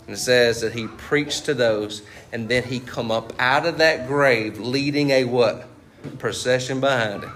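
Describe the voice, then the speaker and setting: Amid slight background noise, a male pastor delivers a conversational sermon, getting the congregation to fill in his questions and tacking on "right?" and "you see what I'm saying?" His voice is medium in pitch and a bit bright.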